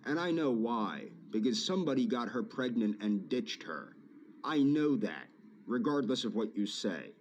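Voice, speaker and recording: A man's voice: fairly low pitch, a little mellow, slight background noise. A man in a video rant, hurt and aggrieved, repeating his phrases as he addresses a former friend.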